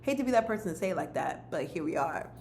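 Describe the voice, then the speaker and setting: A woman's voice: lowish voice, animated, fast talker, darkish tone, echoey room, slight background noise. A woman giving a monthly card reading to her viewers, speaking earnestly to them and repeating her key phrases. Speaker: spiritual card reader.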